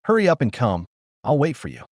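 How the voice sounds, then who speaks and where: A man's voice: mid-range voice, wildly swooping pitch, a little fast, darkish tone, no echo, studio quality, pitched above the performer's own voice. A man reading as a tearful, manipulative young woman. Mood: calm. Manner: pleading, sobbing reproaches.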